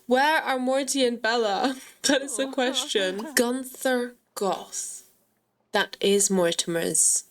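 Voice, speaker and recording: A woman giving chatty, excitable gameplay commentary and talking straight to her viewers. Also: a little high, slow pace, a crowd in the background. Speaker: gaming channel host.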